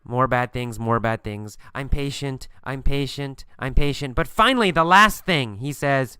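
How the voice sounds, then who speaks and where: Man teaching english, bright forceful voice, dry close sound, repeats every point. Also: mid-range voice, a little slow, smooth, no echo. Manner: repetitive, emphatic, answers his own questions. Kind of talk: storytelling lesson with questions and answers.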